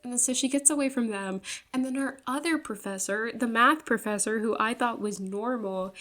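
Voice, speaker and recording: A woman's voice: fairly high pitch, normal speed, fairly bright tone. A young woman giving a casual, rambling book review, full of fillers, swearing and exasperated laughs.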